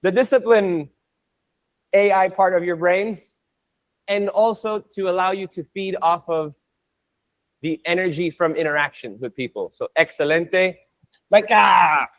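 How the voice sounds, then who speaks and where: A man teaching an online Spanish class, energetic and playful, drilling words by repeating them. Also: sits high, normal speed.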